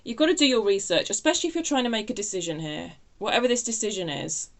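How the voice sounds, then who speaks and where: A woman's voice: mid-range voice, expressive, fast talker, creaky. A woman giving a casual tarot reading, chatty and self-interrupting, laughing at her own remarks. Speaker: tarot reader.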